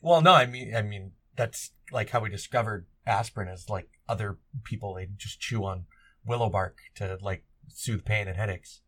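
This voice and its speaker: A man's voice: fairly low pitch, moderate pace, fairly bright tone. A man chatting casually as a podcast co-host, rambling and joking, now and then acting out characters' lines. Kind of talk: casual chat.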